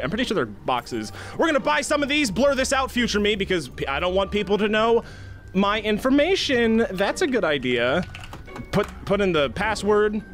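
A young man hosting a satirical gaming vlog, acting like an over-the-top hyped youtuber, then dropping into deadpan mumbles. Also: high voice. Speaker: gaming video host.

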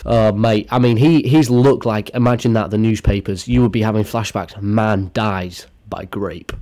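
A man's voice: fairly low pitch, steady tone, fairly quick, dark tone. A man doing a crude, sarcastic comedic reaction commentary as a YouTuber.

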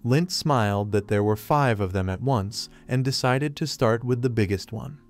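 A man narrating a manga recap in a flat, retelling manner, recounting each scene in reported speech. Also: medium pitch, normal speed. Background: faint music.

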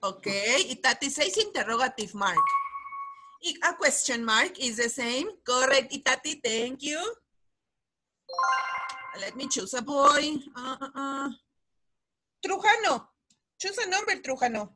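A woman's voice: high-pitched, unhurried, sharp tone. A woman teaching English to children over a video call, running a quiz and cheering pupils on by name. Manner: encouraging, calls on pupils by name. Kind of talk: online class quiz game.

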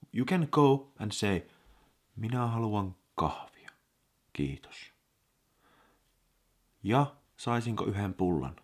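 Finnish man, low and husky, teaching casually. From eastern Finland. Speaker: language teacher vlogger. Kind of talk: casual video lesson. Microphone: action camera mic.

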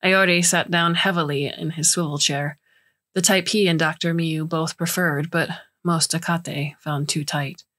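A woman narrating a science fiction story in a measured, scripted way. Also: sits low, fairly even intonation, a bit bright.

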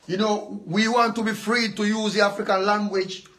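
A man's voice: high voice, fairly even intonation, normal speed, a bit bright. A Jamaican man being interviewed, talking boastfully and animatedly in casual chat with patois mixed in. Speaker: guest artist.

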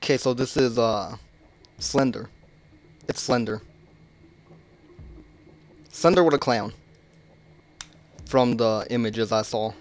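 A gaming channel host with a mid-range voice takes things slowly, pausing often while playing a horror game. He jokes and curses in a laid-back way but is jumpy, erupting into loud yelps at the scares.

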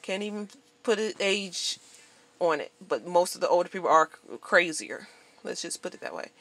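A woman vlogger venting to camera in a blunt, profane, animated monologue. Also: lowish voice, normal speed.

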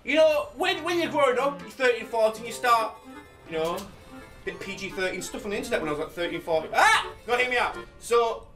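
A young man giving loud, excitable, swear-filled gameplay commentary, shouting often. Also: high-pitched, distant mic. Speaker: gaming YouTuber.

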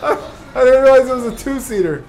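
A rowdy, hollering young cartoon guy, as a man puts him on for a gaming livestream. The voice sits high and brash, always loud and worked up. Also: lively intonation, a little fast, slight background noise. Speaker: streamer.

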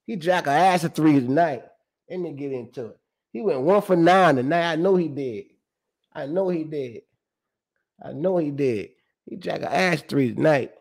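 Animated, slangy man breaking down stats. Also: on the high side, moderate pace, creaky. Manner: animated, slangy and profane, reciting stats with emphatic repeats. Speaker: sports show host. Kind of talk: casual sports commentary.

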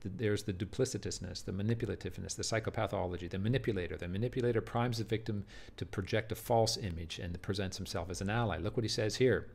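A man's voice: on the low side, quick pace, gravelly, darkish tone. A man teaching a play in a video lecture, earnest and emphatic, often repeating words and checking "do you see?". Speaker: literature teacher.

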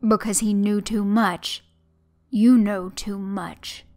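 A woman voicing a towering sadistic male monster who taunts slowly and mockingly. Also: medium pitch, fairly even intonation, soft background music, lightly acted. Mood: nonchalant. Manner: slow, mocking and nonchalant.

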